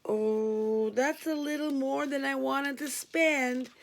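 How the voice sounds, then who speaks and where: A woman reading a polite, gentle male caller. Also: sits high, steady tone, slow pace, vocal fry, voice pushed up, full character voice.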